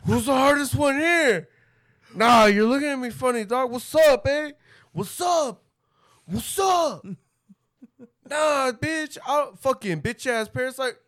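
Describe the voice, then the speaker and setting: A man voicing a drunk, belligerent grown man picking fights, taunting and shouting as he laughs through the lines. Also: very high voice, measured pace, voice pushed up. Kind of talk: comic reenactment in casual chat.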